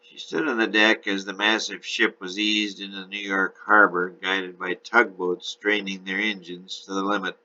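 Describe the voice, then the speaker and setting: A man narrates a novel chapter in a steady storytelling voice. His tone is very deep yet bright and forceful. The recording sounds a bit dull and lo-fi. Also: moderate pace, few pauses.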